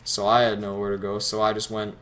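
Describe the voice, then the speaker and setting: Rambling low-voiced teenage boy. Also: monotone, a little fast, fairly bright tone. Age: teens. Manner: rambling, sarcastic, swears freely. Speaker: gameplay commentator. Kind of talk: casual storytelling over gameplay.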